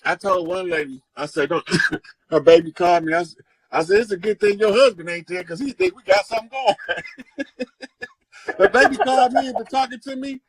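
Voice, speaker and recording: A man telling stories in a casual chat, animated and profane, acting out the people he quotes. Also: sits high, moderate pace, long pauses, breathy edge, low-quality recording. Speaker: guest storyteller. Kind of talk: casual storytelling.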